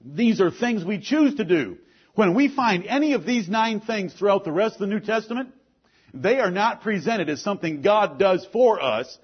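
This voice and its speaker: A man preaching a sermon with force, asking pointed questions and swinging between loud and low lines. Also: animated, normal speed, breathy edge, muffled recording. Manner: forceful preaching, rises and drops sharply, rhetorical questions. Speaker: pastor.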